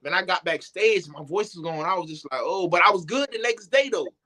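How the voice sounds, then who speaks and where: High-voiced young man, slangy and animated. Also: brisk. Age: young adult. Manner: loose, animated, slangy storytelling. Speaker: singer, interview guest. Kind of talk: casual interview talk.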